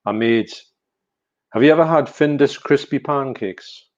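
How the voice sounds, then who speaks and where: A man's voice: medium pitch, measured pace. A man with a Newcastle accent, chatting casually on a video call and telling rambling, self-mocking stories. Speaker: live stream co-host. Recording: dull lo-fi call audio.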